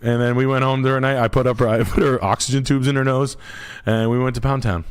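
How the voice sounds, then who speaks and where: A man's voice: medium pitch, fairly even intonation, fast talker, smooth. A man casually telling a long rambling story, swearing often and breaking into other people's voices. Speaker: storyteller on a talk show.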